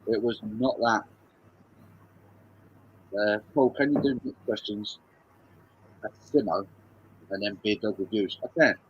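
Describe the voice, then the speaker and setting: English bloke running a music quiz on a livestream, chatty banter, says everything twice. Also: male voice, on the low side, measured pace, pauses often, lo-fi sound, a little hiss or hum. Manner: banter-heavy, repeats phrases, reads out chat. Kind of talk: casual livestream chat.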